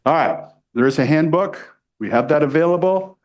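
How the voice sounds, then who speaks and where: A middle-aged man from the United States is running a sales training in front of a live room. His voice sits a little high. He talks with pushy, energetic salesmanship and keeps checking in with his listeners. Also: normal speed.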